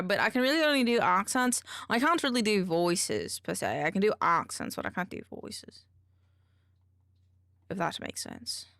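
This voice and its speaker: A woman's voice: on the high side, fairly bright tone, no echo, clean studio sound. A woman streamer chatting casually and mumbling to herself while she edits videos.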